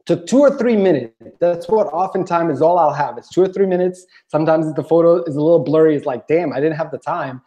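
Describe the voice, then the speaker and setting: A man's voice: a little high, fast talker, hardly any pauses, warm tone, lo-fi sound. A man chatting casually on a podcast, telling an anecdote with lots of "you know" fillers and acted-out quotes. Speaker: podcast guest. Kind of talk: casual storytelling chat.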